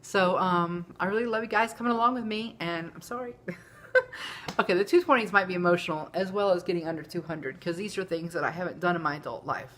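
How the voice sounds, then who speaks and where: A woman's voice: fairly low pitch, fast, a bit bright, a little hiss or hum. Candid woman in her forties. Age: 40s. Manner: candid, emotional, rambling, says y'all. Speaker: vlogger. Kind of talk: casual confessional vlog.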